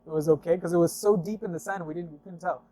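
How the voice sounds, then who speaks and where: Loud music plays behind a man whose voice is on the high side and fast. Recounting a car story as a guest, he acts out the dialogue in a relaxed anecdote peppered with fillers and "I'm like."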